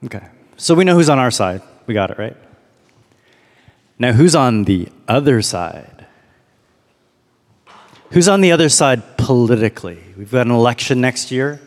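A man's voice: medium pitch, expressive, moderate pace, long pauses. A man giving a sermon as a pastor, in a casual storytelling manner that leans on rhetorical questions. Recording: long hall reverb.

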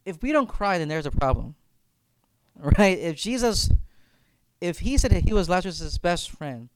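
A man's voice: high voice, very animated, moderate pace, clean tone, no echo. A man leading a reflective faith discussion as campus minister, speaking earnestly and often repeating words as he thinks aloud.

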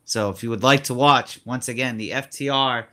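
A man's voice: medium pitch, normal speed, a bit bright. A man co-hosting a podcast in a playful, joking way. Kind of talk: casual chat.

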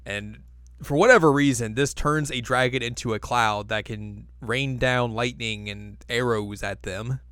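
A man chatting casually as a podcast co-host, recapping an episode and laughing, often putting on quick funny voices for the characters. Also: medium pitch, a bit bright, smooth, dry recording, clean studio sound. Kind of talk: casual chat.

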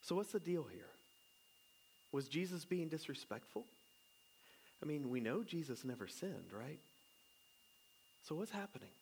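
A man's voice: fairly high pitch, sing-song, unhurried, creaky, long pauses, a little mellow, slight background noise. A man, a pastor who is married and has children, giving a casual, conversational sermon. He jokes and keeps asking his listeners questions. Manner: chatty and joking, asks the congregation questions.

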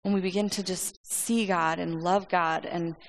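A woman's voice: lowish voice, steady tone, moderate pace. A woman giving earnest Bible teaching, often repeating and restarting her words as she explains.

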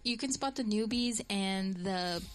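A woman's voice: medium pitch, measured pace. A woman who works in a shop, talking frankly and matter-of-factly in a casual chat. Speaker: sex shop worker.

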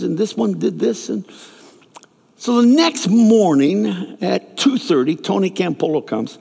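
Animated gravelly preacher in a big hall. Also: male voice, a little high, moderate pace. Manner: animated, acts out characters' lines in raised voices. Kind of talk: sermon storytelling. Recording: long reverb of a large hall.

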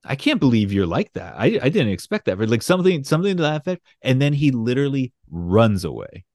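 A man's voice: mid-range voice, big pitch swings, fast talker, darkish tone, no room sound, studio quality. A man co-hosting a podcast, recapping an episode in casual, profane chat and laughing as he paraphrases the characters. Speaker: podcast co-host.

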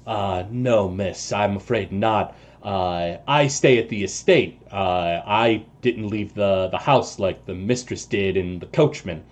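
A man playing a nervous, deferential house servant with a lowish voice, stumbling over his words and answering politely to every question. He keeps his speech formal and halting, full of hesitations, as in a tabletop role-playing game. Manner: hesitant, formal, many "uh"s and "sir"s. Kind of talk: voicing a character in a tabletop game.

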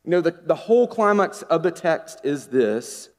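A man delivers a sermon in a slightly high voice, chatty and animated, throwing rhetorical questions at his listeners. His voice rings out with the long reverb of a large church sanctuary. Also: normal speed. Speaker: pastor.

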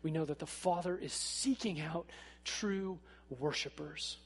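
A man preaching a sermon in a church, speaking in a casual, animated way with frequent fillers. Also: on the high side, measured pace, husky. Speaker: pastor. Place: church sanctuary. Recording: echoey hall.

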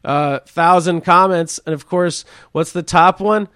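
A man's voice: high voice, steady tone, measured pace, a bit bright, smooth, no echo, studio quality. Rambling, foul-mouthed male podcast host. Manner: crude, rambling, swears often, laughs at himself. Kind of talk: casual solo podcast commentary.

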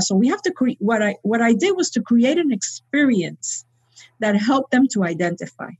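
Woman with a slightly husky voice telling a story, acts out the quotes. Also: fairly high pitch, rough recording. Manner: animated storyteller acting out quotes. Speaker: guest speaker. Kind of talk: storytelling in a podcast conversation.

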